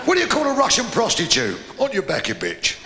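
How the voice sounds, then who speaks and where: A man telling quick-fire jokes as a stand-up comedian, doing little voices for his characters. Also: very high voice, wildly swooping pitch, noisy background. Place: pub venue with live audience. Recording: echoey live pub recording with crowd.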